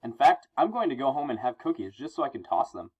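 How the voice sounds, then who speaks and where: A man's voice: mid-range voice, very animated, quick pace, a little mellow, breathy edge. Wisecracking teen superhero, read by a man, self-mocking, muffled audio. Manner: jokey, frantic, self-mocking. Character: young male masked superhero, wisecracking teen.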